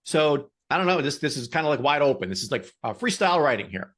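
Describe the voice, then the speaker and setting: A man's voice: a little high, very animated, quick pace, fairly bright tone. A man co-hosting a motivational podcast, talking in an upbeat, encouraging way and often repeating words. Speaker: podcast co-host. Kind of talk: casual motivational chat.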